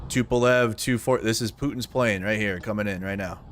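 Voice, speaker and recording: A man's voice: lowish voice, normal speed, a little hiss or hum. A man hosting a live news commentary stream, talking bluntly and with profanity. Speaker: livestream news host.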